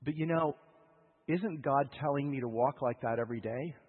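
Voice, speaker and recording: A man preaching a sermon in a husky voice, telling a story with emotional swings between loud urgency and hushed lows, heard over a tinny radio broadcast. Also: normal speed. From United States. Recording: tinny radio broadcast with long hall reverb.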